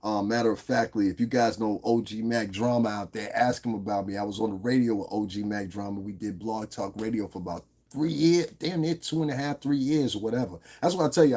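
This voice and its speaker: A man's voice: lowish voice, brisk, few pauses, darkish tone. A middle-aged man hosting an unscripted livestream, talking bluntly and with a lot of swearing straight to the viewers in his chat. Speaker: livestream host. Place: lives in Las Vegas.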